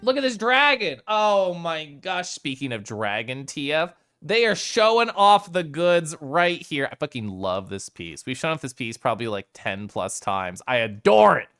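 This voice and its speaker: A man's voice: a little high, sing-song, unhurried, hardly any pauses, a bit bright, clean tone, dry recording, clean studio sound. A man streaming a game, chatting casually with viewers, bubbly and giggly. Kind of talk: casual live-stream chat.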